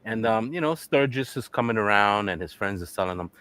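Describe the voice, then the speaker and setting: A man telling a crude joke on a casual live stream. His delivery is loose and profane, with a voice that swoops widely in pitch as he builds to the punchline. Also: brisk, smooth. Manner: animated, profane storytelling with laughter.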